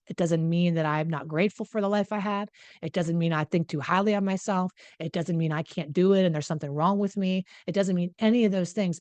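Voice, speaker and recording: Middle-aged woman coach, chatty and self-deprecating, slightly low voice, dead-dry close mic. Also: dry recording. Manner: candid, self-mocking, chatty. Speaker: relationship coach. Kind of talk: casual direct-to-camera talk.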